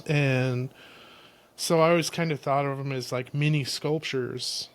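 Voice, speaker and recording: A man's voice: medium pitch, a little slow. A man from Illinois, a ceramic artist guest, chatting casually and acting out the people in his stories. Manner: animated storyteller, acts out quotes. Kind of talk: casual chat.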